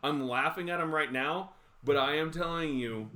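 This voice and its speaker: A man in his thirties hosts a relaxed livestream, spinning funny stories and acting out the people in them. His voice sits a bit high and comes through bright and forward, with laughter never far away. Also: normal speed. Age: 30s. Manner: animated, laughs often, acts out quotes. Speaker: livestream host. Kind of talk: casual storytelling chat.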